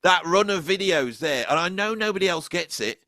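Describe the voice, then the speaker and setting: Chatty male host, fairly high voice. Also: normal speed, dry recording, clean studio sound. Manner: animated storyteller, laughs often. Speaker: podcast host. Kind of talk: casual conversation.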